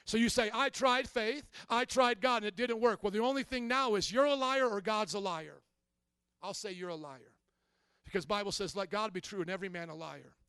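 A man with a strikingly high voice preaches a sermon, close and dry on the mic. He challenges his listeners bluntly, dropping to quiet confession and then rising to shouted prayer. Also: brisk, few pauses, smooth, no room sound. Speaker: pastor.

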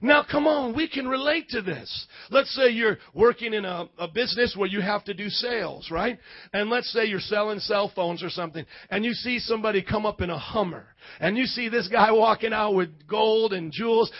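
A male pastor preaching a sermon, animated and leading call-and-response with his congregation. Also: sits high, normal speed, muffled recording.

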